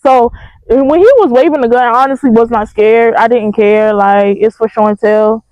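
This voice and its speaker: A young woman, telling a storytime to her viewers in an animated, slangy way. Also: a little high, normal speed, no echo. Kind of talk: casual storytime vlog. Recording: dry, slightly dull mic sound.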